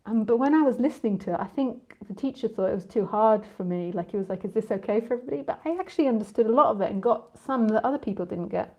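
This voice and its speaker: A woman's voice: medium pitch, lively intonation, fast talker, few pauses, darkish tone. A woman spiritual teacher in a casual live talk with listeners, rambling and chatty, often laughing and drifting off on tangents.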